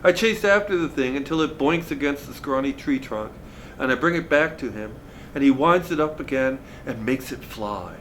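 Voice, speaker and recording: A man reading a novel aloud in a relaxed, conversational storytelling manner. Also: medium pitch, normal speed, slight background noise. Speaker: reader of a novel.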